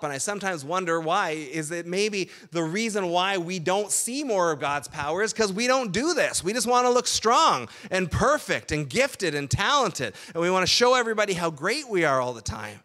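A man with a high-pitched voice delivers a sermon as a pastor. He preaches in a conversational tone and often checks in with "right?". At times he softens his voice to speak the words of weary people. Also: very animated, moderate pace, few pauses.

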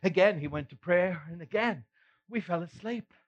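In a high voice at normal speed, a man performs as the apostle Peter, an adult man recounting his failings with earnest remorse and self-reproach. The monologue is emotional and first-person, with sighs and rueful laughs, captured on a slightly muffled recording.

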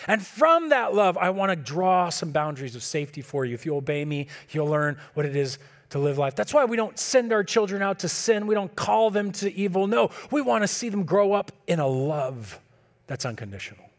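A man preaching a sermon in a relaxed, conversational way, acting out talks with his kids. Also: high-pitched, moderate pace. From California. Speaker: pastor.

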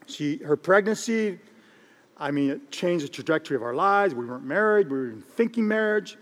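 A middle-aged man, a pastor, preaching a sermon in an animated, joking way and repeating phrases for emphasis. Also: on the high side, fairly quick. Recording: long reverb of a large hall.

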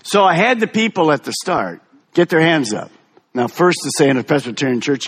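A man pastor preaching a sermon in an animated, emphatic way. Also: medium pitch, fairly quick, husky.

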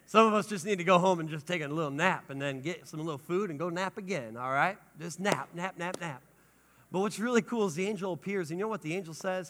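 A male pastor preaching a sermon with lively energy, rising to shouts and dropping to hushed tones. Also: high voice, quick pace. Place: church sanctuary. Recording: long hall reverb.

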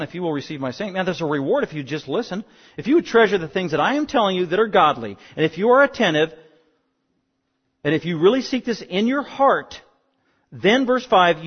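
A pastor preaching a sermon, pleading and swinging between quiet explanation and loud, urgent bursts. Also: male voice, fairly high pitch, breathy edge, long reverb tail. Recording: dull lo-fi sound.

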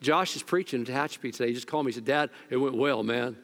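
An older man preaching a sermon as pastor, colloquial and animated, swinging from loud exhortation to hushed storytelling and repeating words when worked up. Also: mid-range voice, very fast, slight background noise.

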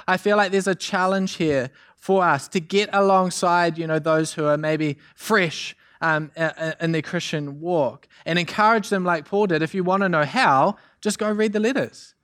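A young man preaching a sermon as youth pastor, energetic and chatty with many asides and fillers. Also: high-pitched. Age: young adult.

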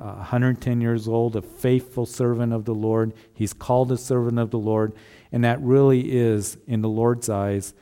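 Mellow-voiced man preaching a sermon. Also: mid-range voice. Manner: earnest, repeats rhetorical questions. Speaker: pastor.

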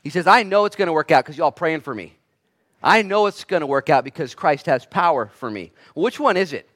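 A man preaching a sermon as pastor, swinging between quiet and loud delivery and acting out the voices he quotes. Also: a little high, expressive, fairly quick.

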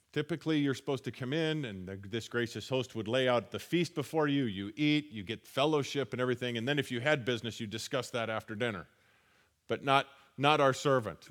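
A man preaching a sermon, reading scripture verses and adding relaxed conversational asides. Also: mid-range voice.

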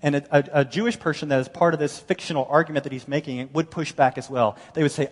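Middle-aged man, pastor delivering a lively, storytelling sermon, slightly high voice, long hall reverb. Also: brisk, few pauses. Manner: animated, storytelling, acts out quoted voices. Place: large church hall.

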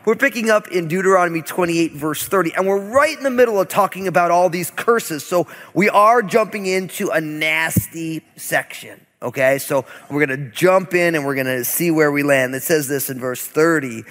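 Pastor preaching in a reverberant hall. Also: male voice, a little high, normal speed, few pauses. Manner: conversational, animated storytelling with asides. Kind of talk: sermon. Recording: long reverb of a large hall.

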